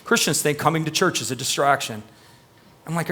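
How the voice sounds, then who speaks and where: A male pastor preaching live in church, his voice bright and pitched a little high. He talks emphatically but conversationally and keeps turning to quiz members of the congregation. The energy stays direct and personal. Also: fairly quick. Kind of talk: live sermon.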